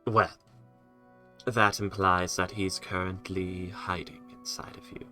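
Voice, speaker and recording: Man, deep low voice, bright tone, wry casual player. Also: flat delivery, slow pace, faint music behind. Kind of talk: casual tabletop game chat.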